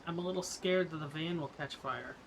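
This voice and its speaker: A doting elderly woman from a video game frets over her dented van and showers the hero with pet names, as a man puts her on. The voice sits a little high. A noisy stream mic with clicks runs underneath. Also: brisk, close to an everyday voice. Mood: fond. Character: fond elderly woman, van-driving grandmother type. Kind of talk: voicing game dialogue on a live stream.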